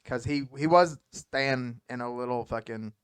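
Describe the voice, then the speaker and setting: A man's voice: mid-range voice, measured pace, smooth, dry recording. Rambling, profane podcast host, man. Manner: rambling, profane storyteller who laughs often. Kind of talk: casual podcast conversation.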